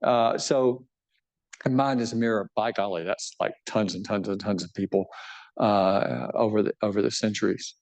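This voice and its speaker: A bishop with a low-leaning, darkish voice keeps a steady tone and moderate pace during an informal live book talk. He jokes about himself and repeatedly checks in with the audience in a conversational style.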